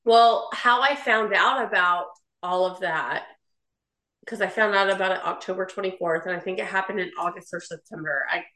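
A woman's voice: medium pitch, moderate pace, pushed and bright, echoey room. A woman telling a heated personal story in a rambling way, full of "like" fillers and upset. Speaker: guest sharing a personal story. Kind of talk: emotional personal account.

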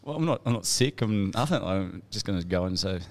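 Australian bloke telling a crude joke. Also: male voice, deep voice, quick pace, gravelly. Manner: animated, acts out dialogue in a funny story, swears. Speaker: podcast co-host. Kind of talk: casual joke-telling among mates.

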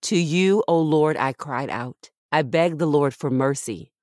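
A woman reading scripture aloud in a measured, reverent way, recorded close on a studio mic. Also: low-pitched, darkish tone, dry recording. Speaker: scripture reader.

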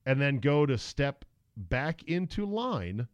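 Taking it slowly, this medium-pitched man, a middle-aged podcast host, tells stories with animated sarcasm in a laid-back conversation. The audio is dull, with no echo.

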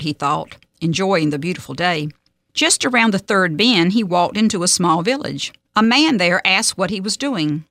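A woman hosting a radio devotional, reading a story and scripture in a steady, measured way. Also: fairly low pitch, dry recording. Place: radio studio.

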